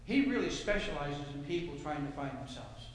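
A male pastor preaching a sermon, swinging from low, soft passages to loud shouted cries. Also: big pitch swings, a little fast, slight background noise. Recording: echoey hall with long reverb.

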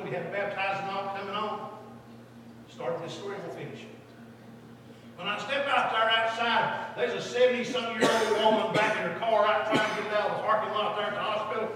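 A man preaching a sermon in a church, swinging between loud exhortation and hushed storytelling. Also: sits high. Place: church sanctuary. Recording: echoey hall, distant mic, faint room noise.

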